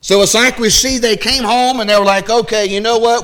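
A man preaching a midweek sermon as pastor, reading scripture and acting out the Israelites' voices in an animated, folksy style. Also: high-pitched, fairly quick.

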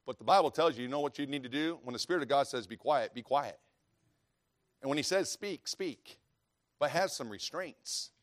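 A man preaching a sermon in a folksy, storytelling way, dropping to quiet asides and rising to loud preaching, reading scripture aloud. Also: fairly high pitch, fast talker, few pauses. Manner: reads scripture in old-fashioned wording.

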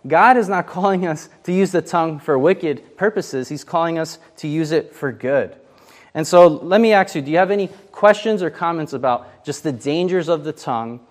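Bible study leader, man, slightly high voice, loose conversational delivery with lots of ums. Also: moderate pace. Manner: chatty, filler-heavy, asks the group questions. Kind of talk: casual interactive Bible teaching.

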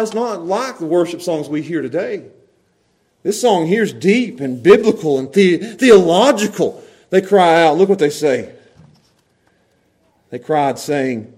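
A man preaching a sermon to his congregation, swinging from loud, animated exclaiming to quiet, close asides. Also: high voice. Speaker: pastor.

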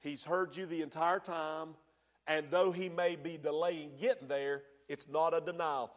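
A man preaching a sermon in church, swinging from hushed tones to shouting. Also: fairly high pitch, steady tone, measured pace. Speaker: pastor.

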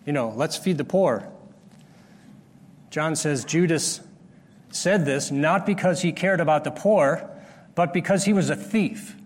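A man preaching a sermon, explaining a Bible passage step by step and pausing to restart his phrases. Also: fairly high pitch. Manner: explanatory, rises sharply when acting out the disciples' scolding. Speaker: pastor. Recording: long hall reverb.

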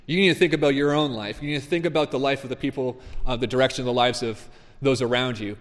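A male pastor delivering a sermon in an earnest, emphatic way, stressing his warnings as he reads scripture. His voice sits at an ordinary pitch for a man. The sound carries the long reverb of a large hall. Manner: earnest, emphatic preaching, reading scripture aloud.

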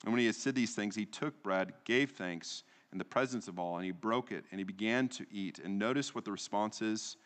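A man's voice: lowish voice, brisk, few pauses, a bit bright. Male pastor preaching in a reverberant hall. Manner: rhetorical, rising and falling preaching delivery with tag questions. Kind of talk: sermon.

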